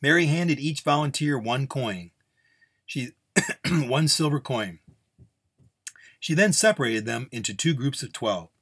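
A man reading a Western story aloud in an unhurried, relaxed way. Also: medium pitch, husky. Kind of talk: storytelling narration.

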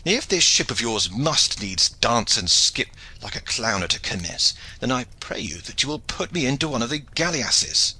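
A man's voice: medium pitch, very animated, moderate pace, bright, forceful tone, husky, full character voice. A man reading an audiobook, voicing a portly, blustering male knight who complains wrathfully.

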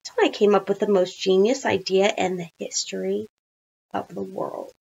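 A woman teacher reading a children's storybook aloud, with chatty, animated asides. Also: mid-range voice, normal speed, gravelly, slightly rough, dull audio.

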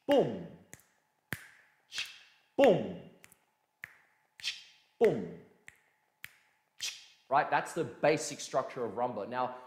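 A man gives a casual, energetic dance lesson at a middle pitch. He counts out beats and says "boom" on each one. His voice echoes around the room. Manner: energetic, demonstrates beats with sound words. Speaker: dance teacher. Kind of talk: live-streamed dance lesson, casual explaining.

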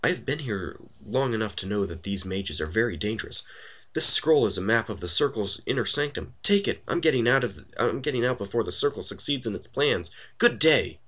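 A man's voice: fairly low pitch, lively intonation, brisk, pushed and bright, husky, pitched above the performer's own voice, heavily acted. A man voicing a haughty woman clerk from a computer role-playing game who is fleeing danger, speaking in a curt, dignified way.

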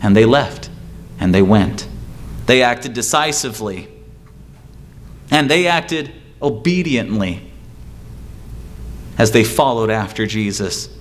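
A pastor preaching a sermon, driving home points with repetition and rhetorical questions, sometimes mimicking excuse-makers. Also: male voice, lively intonation, slight background noise. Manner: acts out excuse-makers in a higher, quicker voice.

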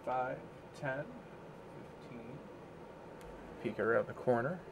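A man narrating as game master for a tabletop role-playing session, in a casual, relaxed way with filler pauses. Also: mid-range voice, background noise.

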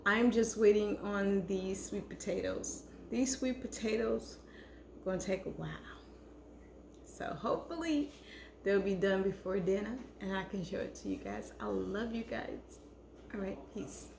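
A woman's voice: medium pitch, expressive, unhurried, gravelly, a little mellow. Chatty woman vlogging from an echoey kitchen. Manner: chatty, affectionate, calls viewers hunty. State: talking with food in her mouth. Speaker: cooking vlogger. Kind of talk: casual chat to camera. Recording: echoey room with faint noise.

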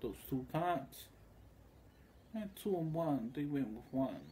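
This male vlogger speaks slowly in a slightly high, expressive voice with a dark tone, over a little hiss or hum. He tells a meandering, crude story in a casual way, acting out the other people in it by voicing their lines.

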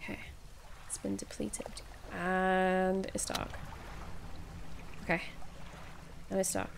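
A woman's voice: fairly low pitch, big pitch swings, takes it slowly, vocal fry, long pauses, slight background noise. A woman streaming a spooky fishing game, reacting nervously and talking herself through each scare. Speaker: gaming streamer. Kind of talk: let's play commentary.

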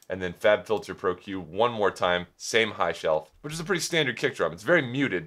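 A man's voice: low voice, a bit bright. A young man hosting a casual music production tutorial, rambling and joking about himself with plenty of ums. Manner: rambling, self-joking, many filler ums. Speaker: music producer and video host.

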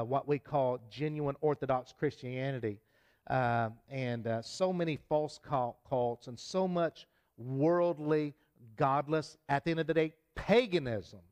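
A man preaching a sermon as pastor in a church, earnest, with many fillers and restarts, rising sharply in pitch and loudness on the points he stresses. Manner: raises pitch and volume for emphasis. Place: church sanctuary.

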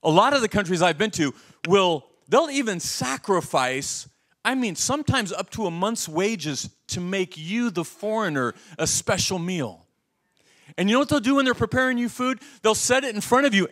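A man's voice: sits high, moderate pace. A middle-aged man preaching a sermon, telling stories animatedly and putting questions to his listeners. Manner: animated storytelling, asks the audience questions. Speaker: pastor.

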